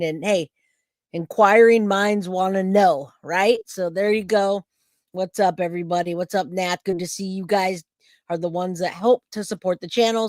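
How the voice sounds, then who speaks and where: A middle-aged woman hosting a true crime livestream, chatting casually and telling a story with lively acted-out quotes. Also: on the low side, dry recording, clean studio sound. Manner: chatty, animated storytelling, acts out quoted voices.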